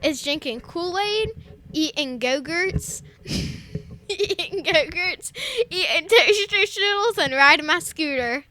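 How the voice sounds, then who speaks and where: A young girl chatting on a podcast as a guest, giggling often and talking in a drawn-out way. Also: extremely high pitch, animated, sharp tone, a little hiss or hum. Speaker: guest, host's daughter. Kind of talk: casual podcast chat.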